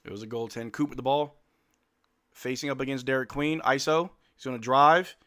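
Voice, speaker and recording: A man hosting a live game watch-along, calling the plays in casual slang and shouting at the players. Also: mid-range voice, moderate pace. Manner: animated, slangy, yells at players. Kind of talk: excited play-by-play fan commentary.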